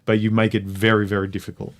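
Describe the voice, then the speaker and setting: A man's voice: fairly low pitch, level tone, fast, a bit bright, slight background noise. A man hosting a casual livestream chat from home, blunt and opinionated, hammering his points home. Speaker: livestream host.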